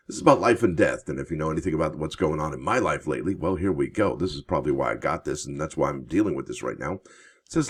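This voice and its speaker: A man hosting a coin and bullion channel, reading news items aloud and adding chatty, rambling asides as he thinks out loud. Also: very deep voice, animated, quick pace, breathy edge. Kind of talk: casual commentary while reading news on screen.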